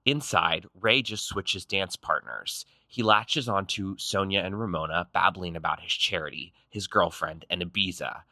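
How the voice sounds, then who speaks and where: Man, low voice, bright edge, dry close sound, snarky recap narration, punchy quips. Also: moderate pace, vocal fry, few pauses, no room sound. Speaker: recap show host.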